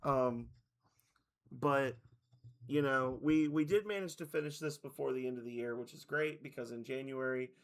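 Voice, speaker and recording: A gravelly-voiced man chats loosely to his stream viewers, his voice worn and half gone. He rambles, restarts and leans on "like" at a mid pitch. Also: normal speed. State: losing his voice. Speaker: game streamer. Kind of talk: casual stream chat to viewers.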